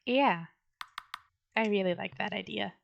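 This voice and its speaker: A woman's voice: medium pitch, a little slow, creaky, muffled recording, a little hiss or hum. A woman voicing a young scarecrow boy who sounds shy, earnest and a little hesitant.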